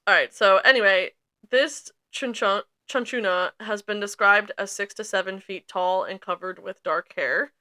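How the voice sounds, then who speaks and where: A woman's voice: medium pitch, moderate pace. A woman co-hosting a podcast, chatting casually and reading from notes with frequent ums. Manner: relaxed, hesitant with frequent ums. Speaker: podcast co-host.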